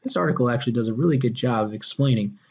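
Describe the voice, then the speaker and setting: A man's voice: mid-range voice, very fast, a little mellow. A man hosting a podcast, chatting casually and acting out movie scenes in put-on voices. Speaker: podcast host. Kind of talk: casual movie review chat. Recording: dull lo-fi podcast audio.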